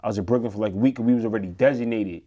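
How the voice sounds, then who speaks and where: A man's voice: lowish voice, racing. A man from the Bronx with a New York accent, telling his story in a rambling, casual way and acting out what others said. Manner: rambling, full of fillers and restarts; acts out others' lines in animated voices. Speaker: interview guest, former inmate.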